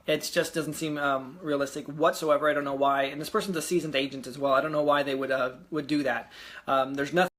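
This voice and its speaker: A man's voice: on the high side, fairly even intonation, a little fast, a bit bright. A young man casually vlogging from home about a house deal, rambling with fillers and getting easily frustrated. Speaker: real estate investor vlogger. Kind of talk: casual video diary.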